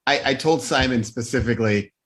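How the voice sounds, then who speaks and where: Man, band member, mid-pitched voice, joking, self-deprecating. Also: a little fast, fairly bright tone. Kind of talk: casual interview.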